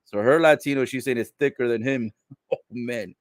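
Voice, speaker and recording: A man's voice: medium pitch, normal speed, no echo. Guy doing a casual wrestling recap, medium voice, dry close mic, lots of ooh and whoa. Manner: relays quotes, laughs, reacts loudly. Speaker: live wrestling watch-along commentator.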